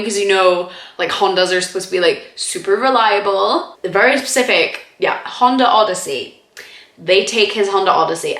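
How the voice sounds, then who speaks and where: A woman's voice: mid-range voice, a bit bright. Rambling, sarcastic woman in an echoey room. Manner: rambling and sarcastic, heavy on "like" and "freaking"; laughs often mid-sentence. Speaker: movie reviewer. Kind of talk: casual spoken movie review.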